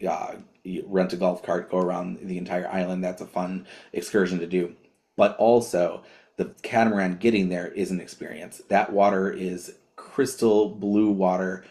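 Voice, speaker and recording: A man's voice: low voice, darkish tone. A man co-hosting a podcast, talking casually with many fillers and restarts. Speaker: co-host.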